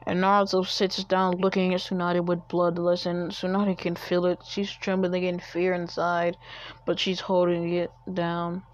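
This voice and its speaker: A woman's voice: on the low side, monotone, measured pace. A woman casually improvising a fan story, rambling and correcting herself as she goes. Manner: rambling, with restarts and self-corrections. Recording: dull lo-fi recording.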